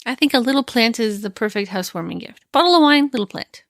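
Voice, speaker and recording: Teasing, fairly high-voiced woman co-host. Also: animated, fast talker, no room sound, clean studio sound. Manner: teasing, laughs often. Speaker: podcast co-host. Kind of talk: casual chat.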